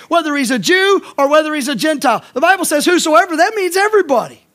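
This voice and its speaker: A man's voice: very high voice, animated, fast, a bit bright. A man pastor preaching a sermon to his congregation, stressing points by repeating them and asking the listeners direct questions. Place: church.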